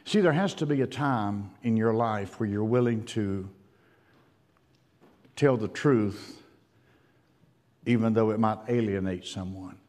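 An older man preaching with a folksy storytelling manner, his voice rising loud, then dropping hushed. His mid-range voice rings out with a long reverb, as in a church hall. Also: lowish voice, unhurried, pauses often. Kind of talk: sermon.

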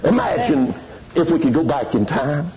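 A man preaching a fiery revival sermon in church, shouting and laughing between exclamations. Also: a little high, sing-song, moderate pace, rough recording. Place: church service with congregation. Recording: loud crowd noise in church. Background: loud congregation responding.

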